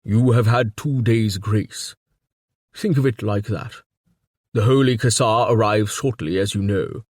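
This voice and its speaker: A man reading a stout, wheezing older king who speaks in a measured, formal way in an audiobook. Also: fairly low pitch, no echo, studio quality. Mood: cool, formal. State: out of breath. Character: corpulent wheezing older male king, cool and evasive.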